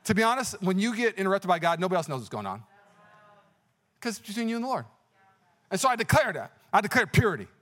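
Fast-talking high-voiced male pastor. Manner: energetic, personal storytelling with exclamations; conversational with many fillers and restarts. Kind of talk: sermon.

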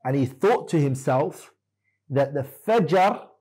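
Male teacher, mellow husky voice, questioning students in class, firm corrections. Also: a little high, lively intonation, slow, low-quality recording. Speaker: Islamic teacher. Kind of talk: classroom lesson quizzing students.

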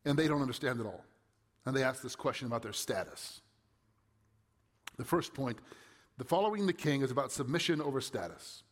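A man's voice: mid-range voice, lively intonation, fairly quick, pauses often. A man pastor reading scripture and then preaching a sermon in a conversational way, asking his listeners rhetorical questions. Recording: long hall reverb.

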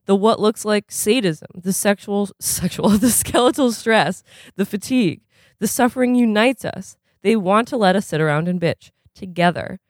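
A reader voicing a brooding, philosophical teenage boy at a tennis academy, in a musing, drawn-out way. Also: medium pitch, dry recording, clean studio sound, lightly acted.

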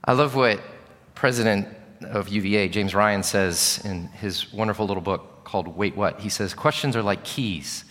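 A man's voice: on the low side, moderate pace, fairly bright tone. Man preaching in a large hall. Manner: earnest storytelling, candid and reflective. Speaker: pastor. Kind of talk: sermon. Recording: long reverb of a large hall.

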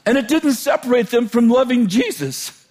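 Man, preacher, high voice, informal sermon, chuckling, animated, loud bursts and quiet asides. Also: moderate pace. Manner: chuckles often, joking and conversational.

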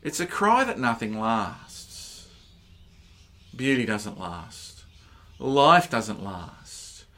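Slow-paced preacher man. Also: medium pitch, big pitch swings. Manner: slow, emphatic, rising to loud stresses on key words. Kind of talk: sermon.

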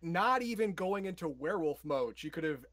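A man co-hosting a casual podcast chat, chiming in with quick agreeing remarks. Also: on the high side, animated, fairly bright tone.

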